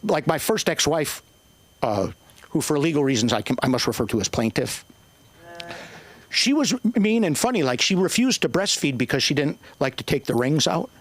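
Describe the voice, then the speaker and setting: An older man doing profane, rambling stand-up comedy at an open mic, with sudden shouted bursts. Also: fairly high pitch, very animated, normal speed. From Northern Ireland.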